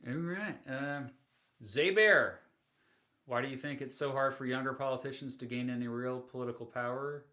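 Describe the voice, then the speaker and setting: A man's voice: medium pitch, moderate pace, bright, forceful tone. A man hosting a casual livestream, chatting through viewer questions with frequent fillers and little laughs. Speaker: livestream host.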